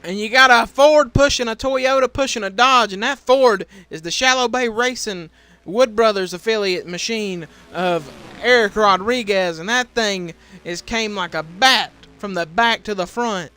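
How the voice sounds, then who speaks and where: High, bright young man calling a race. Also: a little slow, smooth, no room sound. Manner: shouts and speeds up at crashes. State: voice giving out. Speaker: race commentator. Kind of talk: excited play-by-play commentary for a sim racing league.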